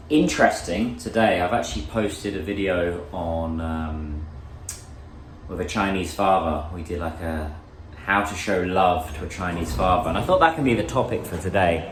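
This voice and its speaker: A man's voice: deep voice, slight background noise. A man from England, talking casually and thoughtfully to the camera in a vlog. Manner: chatty and reflective, laughs while asking strangers questions in simple Mandarin. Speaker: vlogger.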